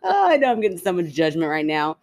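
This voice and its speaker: A woman in her thirties with a low voice, chatting on a podcast. She tells stories in a lively, animated way and laughs often. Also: fast. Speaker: podcast co-host. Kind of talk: casual chat.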